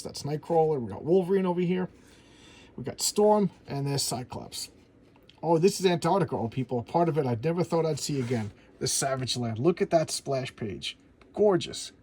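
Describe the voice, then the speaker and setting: A man's voice: on the high side, a little mellow, a little hiss or hum. A middle-aged man chatting casually about an old comic as he pages through it, eager and gushing, often stammering and repeating words. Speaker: comic book reviewer. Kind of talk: casual chat while flipping through a comic.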